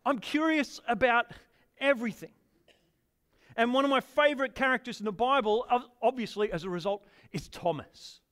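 A man's voice: very high-pitched, moderate pace, a bit bright. A man preaching a sermon to a congregation, enthusiastic and conversational, often turning questions to the listeners. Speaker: pastor.

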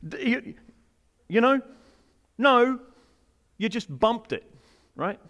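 A man's voice: very high-pitched, very animated, slow, fairly bright tone. A man preaching a sermon in a humorous, conversational way, asking the congregation questions and joking about everyday life. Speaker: pastor.

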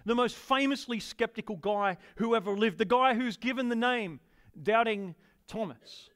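A male pastor delivering a sermon in a church hall, his voice sitting high. He talks in an eager, conversational way, tossing questions to the congregation as he goes. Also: normal speed, a bit bright. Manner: enthusiastic, conversational, asks the audience questions.

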